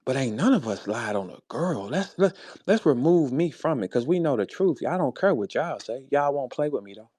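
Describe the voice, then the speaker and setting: Fired-up St. Louis rapper, dry close sound. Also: male voice, big pitch swings, normal speed, few pauses, no echo. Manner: confrontational, profane, repeats "bro" and "man"; swings between low muttering and loud high outbursts. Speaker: battle rapper addressing a rival. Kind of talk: heated monologue on a live audio space.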